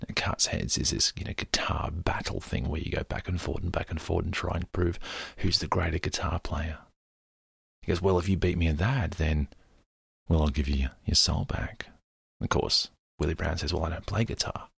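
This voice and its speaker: Low, raspy man; loose, meandering storyteller, gravelly edge. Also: steady tone, moderate pace, no room sound, studio quality. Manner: rambling, loose storytelling with many fillers. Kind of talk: casual retelling of a film scene.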